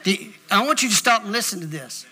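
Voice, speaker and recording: A man's voice: high voice, lively intonation, fast talker, sharp tone, slightly rough. A male pastor, preaching an emphatic sermon straight at his congregation. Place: church.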